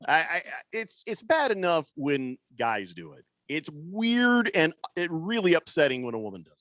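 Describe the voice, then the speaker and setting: A man hosting sports talk radio with a lively, bouncing delivery and a fairly high voice for a man. He jokes with his co-hosts and reads listener comments aloud. The studio microphone gives a close, dry sound. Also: normal speed, no room sound.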